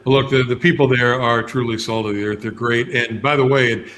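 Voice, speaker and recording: A man's voice: mid-range voice, steady tone, brisk, fairly bright tone, a little hiss or hum. A man from West Virginia, a guest on a radio talk show, telling folksy stories and laughing easily. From West Virginia, USA. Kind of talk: radio interview chat.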